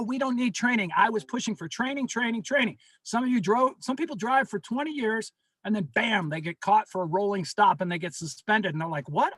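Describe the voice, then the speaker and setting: A man's voice: high voice, fairly bright tone, no room sound. A man speaking as a union representative at a members' meeting over a video call, earnestly pleading and repeating his warnings.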